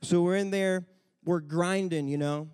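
A man in his thirties preaching a sermon, telling a family story and building to impassioned, shouted exhortation. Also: high-pitched, steady tone, a little slow, clear, resonant tone.

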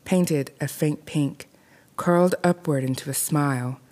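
A woman narrating a scripted horror story in a measured, deliberate way. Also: low-pitched, mellow.

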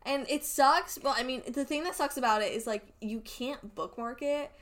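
A young woman co-hosting a casual chat, excitable and full of fillers and swearing. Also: sits high, moderate pace. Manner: excitable, swearing, many fillers, squeals when upset. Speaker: podcast co-host. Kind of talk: casual chat reacting to a webcomic.

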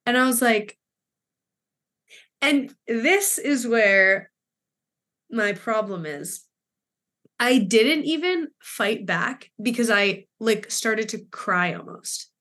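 A woman's voice: mid-range voice, normal speed, a bit bright. A woman in her twenties co-hosting a podcast, telling a story in casual chat with lots of fillers and acted-out dialogue, emotional and close to tears. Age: 20s. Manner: rambling, filler-heavy retelling with quoted dialogue. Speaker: podcast co-host.

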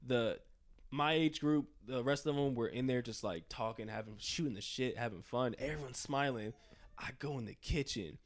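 At normal speed and mid-range pitch, a young man casually tells a story, animatedly acting it out with sound effects and quoted voices. His language is slangy and full of swearing.

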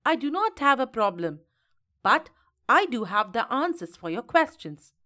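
A woman's voice: a little high, very animated, moderate pace, pushed and bright. A woman voicing a brave, tenacious young boy in a storybook reading, speaking earnestly.

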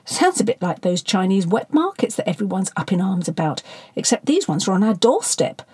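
A woman's voice: mid-range voice, very animated, fairly quick, a little mellow, breathy edge. Woman doing a mild, placating male adviser. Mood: wry. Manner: mild, conciliatory.

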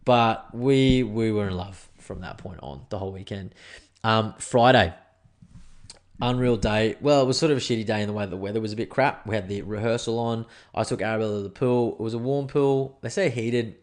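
A young Australian man in a casual podcast at home, spinning a yarn with animated, slangy energy and frequent swearing. His voice sits a little on the lower side. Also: a little fast. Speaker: podcast host. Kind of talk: casual storytelling. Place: indoors at home.

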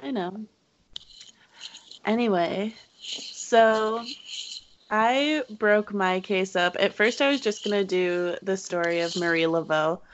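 A woman co-hosting a casual podcast, teasing and giggly. She talks at an unhurried, drawn-out pace. The sound is slightly dull, like a lo-fi home mic. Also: mid-range voice, a little hiss or hum. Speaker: podcast co-host. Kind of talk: casual chat.

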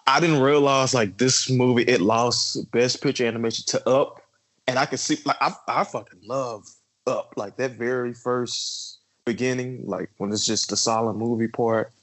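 Guy in his 20s on a podcast, animated storyteller, swears a lot, mid pitched voice, chatty. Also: normal speed, rough recording. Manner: animated storyteller, swears casually, lots of fillers. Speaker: podcast co-host. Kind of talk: casual podcast chat.

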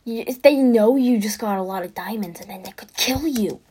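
A woman giving casual gameplay commentary, chatty and excitable, who often drops into a whisper. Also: on the high side, moderate pace, slightly rough. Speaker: gaming podcaster.

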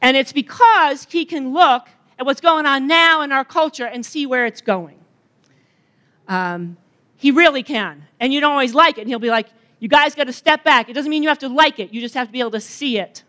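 A woman's voice: sits high, a little fast, pushed and bright. A middle-aged woman giving a chatty opening talk at a retreat, joking and bantering with the audience. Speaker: retreat speaker.

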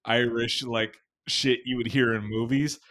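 A young man hosting a podcast, telling crude stories in casual, animated chat and swearing often. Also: mid-range voice, unhurried. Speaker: podcast host.

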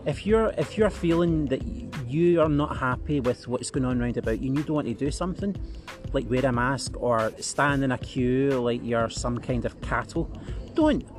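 A man's voice: mid-range voice, normal speed, music in the background. A man, a podcast guest, talking bluntly and rambling in casual chat, with frequent laughs and restarts.

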